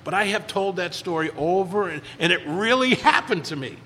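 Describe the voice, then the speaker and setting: A man with a bright, fairly high voice tells stories to a recovery group in a loose, rambling way. He stumbles over repeated words and acts out the lines of other people as he goes. His voice rings through a reverberant room with a faint hum of ambience behind it. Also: lively intonation, moderate pace. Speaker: recovery meeting speaker. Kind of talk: casual storytelling talk.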